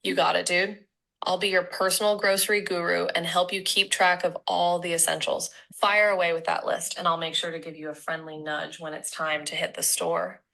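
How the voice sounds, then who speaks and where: A woman's voice: fairly low pitch, flat delivery, normal speed, gravelly, sharp tone. A synthetic woman's voice of an AI assistant speaking with a Southern California accent in a laid-back surfer manner. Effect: text-to-speech voice.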